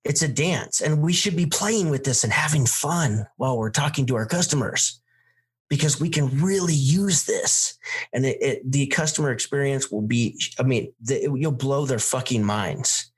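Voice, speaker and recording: A man's voice: medium pitch, moderate pace, slightly rough. Emphatic male sales coach. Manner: energetic, emphatic, plays with tempo and volume to demonstrate. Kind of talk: podcast coaching talk.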